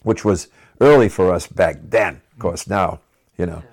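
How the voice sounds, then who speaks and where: A man's voice: low-pitched, moderate pace, a little mellow. A man, a musician guest on a radio show, casually telling stories from touring, chatty and laughing often. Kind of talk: casual anecdotal storytelling.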